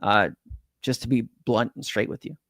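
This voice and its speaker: A man's voice: mid-range voice, normal speed, creaky, fairly bright tone, no echo, clean studio sound. A middle-aged man from California hosting a crypto livestream, chatting casually with viewers in slangy, swearing banter. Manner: laid-back slang-heavy, swears, says man and bro. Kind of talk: casual livestream chat reading viewer comments. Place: home in Hawaii.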